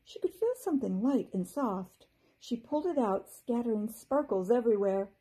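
Gentle, breathy teacher reading aloud. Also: female voice, fairly high pitch, moderate pace, poor audio. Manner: gentle and expressive.

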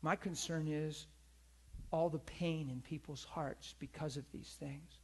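A man's voice: on the high side, fairly even intonation, a little slow, a little mellow, breathy edge. A middle-aged man preaching a sermon in a conversational, storytelling way, calling out to his congregation.

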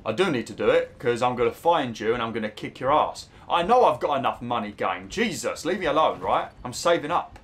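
A man's voice: medium pitch, animated, fairly quick, hardly any pauses, fairly bright tone. A man giving rambling, casual commentary over a video game, swearing and laughing easily. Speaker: gaming YouTuber.

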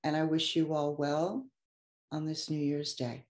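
Heartfelt low-voiced woman coach, echoey room. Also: level tone, measured pace, a little mellow. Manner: effusive and heartfelt, gets emotional. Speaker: life coach. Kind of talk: motivational talk to an online audience.

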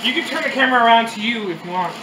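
A woman's voice: on the high side, lively intonation, very fast, roomy sound, background noise. A woman co-hosting a casual mukbang vlog, talking bluntly and swearing freely as she rants. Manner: profane, blunt ranting. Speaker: vlog co-host. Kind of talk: casual mukbang chat and rant.

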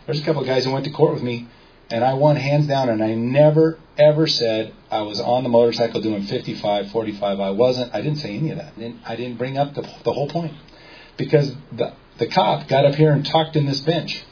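A man's medium-pitched, slightly mellow voice moves along a bit quickly during a casual lecture for a small audience. He's a seminar speaker who tells stories, quotes others in dialogue, and asks questions of the group, heard through a dull lo-fi recording with faint noise.

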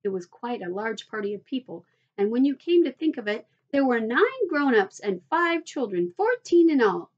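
A woman teacher reading a children's chapter book aloud in a steady storytelling voice. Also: a little high, moderate pace, lo-fi sound.

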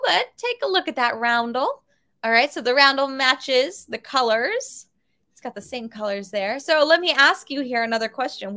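A woman museum educator giving a friendly, lively virtual lesson that asks questions of young viewers. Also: fairly high pitch.

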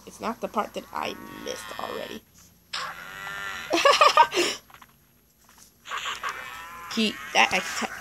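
A woman giving excitable let's play commentary, talking to the animals in her game as she plays. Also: fairly high pitch, extremely slow, creaky, pauses often, noisy background. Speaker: gaming YouTuber.

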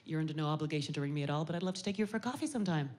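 A woman's voice: lowish voice, close to an everyday voice. Woman doing a flustered, apologetic American guy. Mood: nervous. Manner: hesitant, apologetic, rushed. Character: nervous polite American man asking her out.

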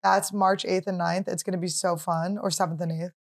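A woman's voice: fairly low pitch, little pitch movement, brisk. Chatty joking woman podcast host. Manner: chatty storyteller, joking, swears casually. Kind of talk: casual chat.

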